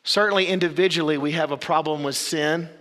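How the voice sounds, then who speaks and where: A male pastor preaches a sermon, his voice high and bright. He moves through dramatic pauses and sudden drops to low, quiet phrases. A long reverb from a big church hall rings behind him. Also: steady tone.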